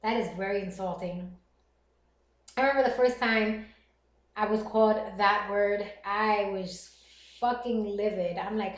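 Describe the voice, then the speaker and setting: A woman streaming live, chatting casually with viewers and reading their comments aloud, animated and quick to laugh. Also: medium pitch. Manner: animated, laughs often, reads chat aloud. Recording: roomy echo.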